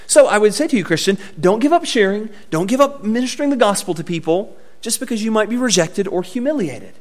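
A man preaching a sermon to his congregation, with expressive delivery that swings in pitch and volume. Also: a little fast. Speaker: pastor.

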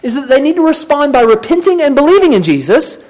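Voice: sits high, very animated, fast, darkish tone. A preacher delivering an expository sermon, emphatic and turning to the congregation with rhetorical questions.

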